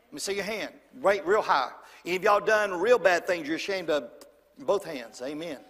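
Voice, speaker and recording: A man preaching a sermon in church, swinging from loud and high to hushed and low. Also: normal speed, in a large hall. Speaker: pastor.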